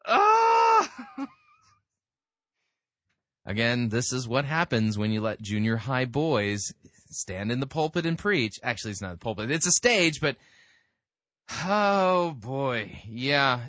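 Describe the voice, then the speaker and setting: A man's voice: mid-range voice, lively intonation, unhurried, a bit bright, dry recording. A man giving sarcastic commentary on a sermon, with laughing asides. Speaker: podcast host mocking a sermon.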